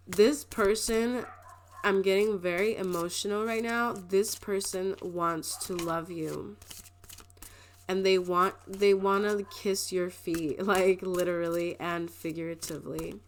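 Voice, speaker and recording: Slight background noise accompanies a woman with a lowish, steady voice who speaks a little slowly. A tarot reader, she gives viewers a casual card reading in an emotional, rambling way, with lots of laughs and "like" as filler.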